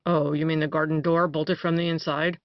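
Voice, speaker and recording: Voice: mid-range voice, level tone, brisk, no echo, lightly acted. Reader doing a boastful, cunning man telling his crimes, dry dull audio. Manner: boastful, relishing his tale. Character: boastful male detective turned killer.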